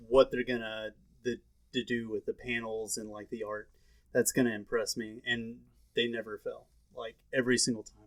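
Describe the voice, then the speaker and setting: A man's voice: mid-range voice, fairly bright tone, poor audio. Rambling man with lots of fillers. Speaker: podcast co-host. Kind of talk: casual comics chat.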